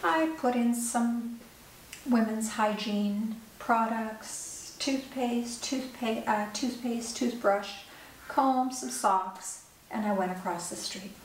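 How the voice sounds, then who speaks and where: A middle-aged woman, an author, telling a personal story in an earnest, measured way with pauses. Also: on the high side. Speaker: author and speaker. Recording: echoey room, distant mic, faint hiss.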